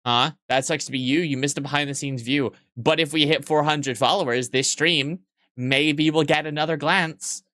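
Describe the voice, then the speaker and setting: A man's voice: fairly high pitch, fairly even intonation, normal speed, bright, forceful tone, no echo, clean studio sound. A man live-streaming and joking crudely with his chat, sleep-deprived yet weirdly awake, in a playful teasing manner.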